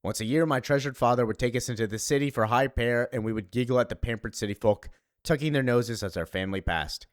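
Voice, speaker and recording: A man reading aloud as a formal, sharp-tongued young girl narrator from a comic, in a wordy, stiff manner. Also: mid-range voice, fast talker, no room sound, clean studio sound, close to an everyday voice.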